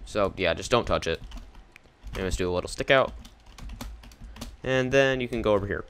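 A young man rambles casually through a game walkthrough, offhand and easily confused. His fairly low voice is expressive and fairly bright, at normal speed, with slight background noise.

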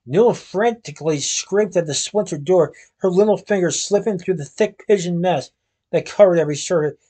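A man reads a storybook aloud in a steady, even manner, now and then going back over a word. His voice sits a little high for a man and has a husky grain. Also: moderate pace. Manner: steady reading with occasional restarts. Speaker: storybook reader.

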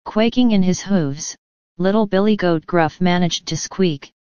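A woman telling a children's story in a careful, clear reading for learners. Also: lowish voice, a little slow, darkish tone, no echo, dull audio. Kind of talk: scripted storybook narration.

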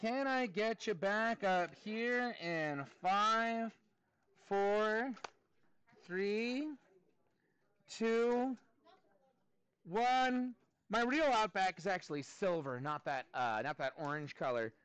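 A man teaches a math class, joking and coaxing his students along. His voice sits high and swings widely in pitch. The sound is close and dry, with little room echo. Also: lively intonation, slow, long pauses, fairly bright tone, smooth. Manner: playful, jokey, coaxing students.

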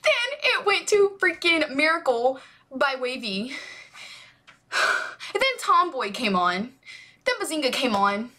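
A woman hosting a music reaction video, gushing and animated, breaking into squeals and whispers while wearing headphones. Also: high-pitched, takes it slowly. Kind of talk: excited music reaction chat.

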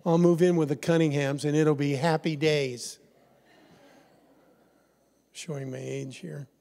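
A middle-aged man preaching a sermon as pastor, animated and leading call-and-response with his congregation. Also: fairly high pitch. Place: church sanctuary. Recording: long church hall reverb.

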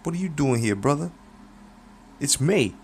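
A man doing a laid-back young boxer, higher voice. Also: expressive, a little slow, a little hiss or hum. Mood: easygoing. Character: young male boxer, easygoing and loyal.

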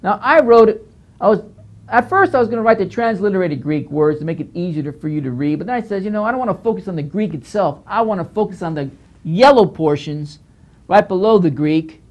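A man's voice: high-pitched, expressive, brisk, a little mellow. A male pastor giving a Bible teaching lecture, emphatic and scolding, who often repeats phrases as he works through the text.

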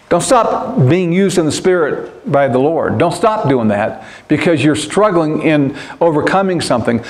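A pastor delivers a sermon in a church in a voice a little higher than most men's. He speaks with earnest, insistent emphasis and drives his key phrases home through repetition.

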